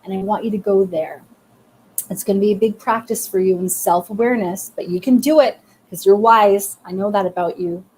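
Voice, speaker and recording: Woman, live-stream medium, soothing and affirming, mid-pitched, slight background hiss. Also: fairly quick, darkish tone. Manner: soothing, affirming, speaks in short phrases and says "okay" often. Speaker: medium doing live readings. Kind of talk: live-stream reading, chatting to viewers.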